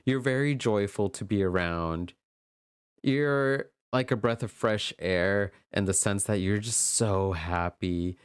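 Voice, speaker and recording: Smooth-voiced man reading tarot. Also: on the low side, slow, no echo, clean studio sound. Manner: gentle, affirming, emotional. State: tearful. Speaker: tarot reader. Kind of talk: pick-a-card tarot reading.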